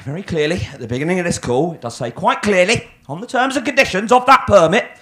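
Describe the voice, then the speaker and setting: A man's voice: high voice, lively intonation, fast, fairly bright tone. A man voicing a pompous, officious male parking official who talks down to people in formal phrasing. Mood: condescending. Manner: prim, condescending, formal phrasing.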